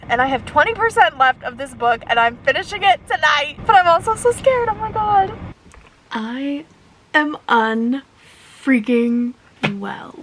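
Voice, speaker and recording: A young woman vlogging casually about her reading, gushing and excited, sometimes dropping to a whisper. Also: a little high, moderate pace, a little hiss or hum, poor audio. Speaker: book vlogger. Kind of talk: casual reading vlog chat.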